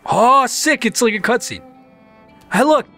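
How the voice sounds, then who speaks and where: A young man commentating a game, excitable and swearing, reading the game text aloud. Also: very high voice, unhurried, no room sound, faint music behind. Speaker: gameplay commentator. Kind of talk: let's play commentary.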